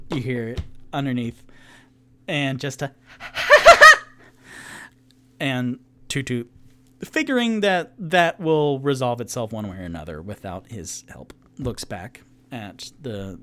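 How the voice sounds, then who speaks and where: A man narrating as the game master of a tabletop game, describing scenes in a relaxed, casual way. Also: mid-range voice, takes it slowly, background noise. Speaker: game master and solo player.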